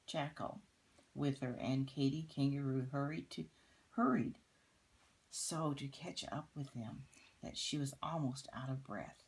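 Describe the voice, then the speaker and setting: An older woman reading a picture book aloud, gently pointing out details in the pictures. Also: low-pitched, husky, rough recording. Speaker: grandmother reading to children.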